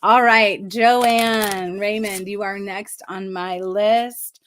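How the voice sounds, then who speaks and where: A woman giving a live card reading as a numerology coach, speaking in a soft, affirming, reflective way and often checking in with the listener. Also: medium pitch, steady tone, drawn-out words, slight background noise.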